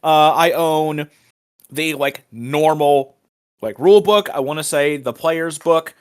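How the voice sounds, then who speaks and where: Easygoing man with a slightly high voice. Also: slow pace, smooth. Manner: easygoing, hesitant, frequent backchannel hums. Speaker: podcast co-host. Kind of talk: casual chat.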